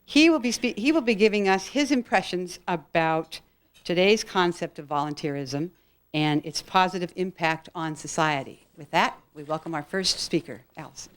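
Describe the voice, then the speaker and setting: A woman's voice: on the low side, moderate pace. A woman moderator reading a formal introduction of a speaker from her notes.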